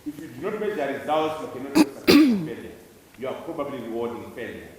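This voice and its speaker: Speaking fast and very animatedly in a mid-range, darkish voice, a Zimbabwean conference speaker drives home key words to students by repeating them. He is far from the mic in an echoey lecture hall, with slight background noise.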